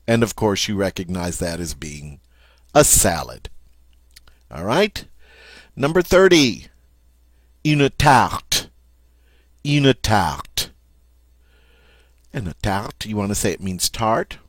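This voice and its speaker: Slow, patient man teaching vocabulary. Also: on the low side, big pitch swings, no echo. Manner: slow, patient, explains each word then repeats it. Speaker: French teacher. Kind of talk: vocabulary lesson.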